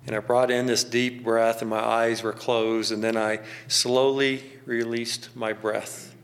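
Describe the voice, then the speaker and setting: A middle-aged man telling a personal story in a slow, gentle, contemplative way, with pauses. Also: mid-range voice, little pitch movement.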